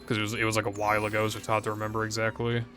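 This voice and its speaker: A man's voice: on the low side, completely flat delivery, rapid-fire, fairly bright tone, soft background music. A young man chatting casually to his stream viewers, rambling and hesitant with frequent fillers and casual swearing.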